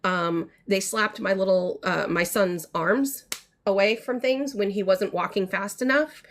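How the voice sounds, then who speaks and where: A woman's voice: mid-range voice, unhurried. Frustrated mother venting on a livestream. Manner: frustrated, indignant, rambling with fillers. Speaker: mother telling a family story. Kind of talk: casual storytelling to viewers. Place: home art studio. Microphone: livestream mic.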